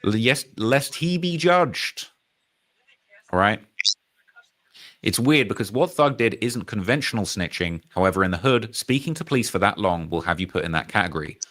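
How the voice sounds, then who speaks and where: Animated British man, bright voice. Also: fairly low pitch, moderate pace. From United Kingdom. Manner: animated, emphatic, repeats phrases, reads comments aloud. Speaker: streaming commentary host. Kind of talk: casual commentary on rap news and chat comments.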